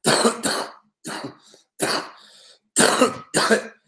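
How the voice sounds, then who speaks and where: Speaking very slowly in a sharp tone, a sports betting show host goes on a casual live-stream rant, swearing, rambling, and laughing frequently. The room he's in echoes.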